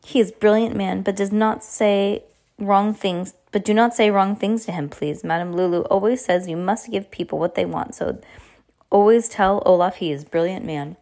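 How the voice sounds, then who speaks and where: A woman's voice: mid-range voice, moderate pace, darkish tone, close to an everyday voice. A woman putting on a bossy fortune-teller lady. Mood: commanding. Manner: tacks "please" onto orders.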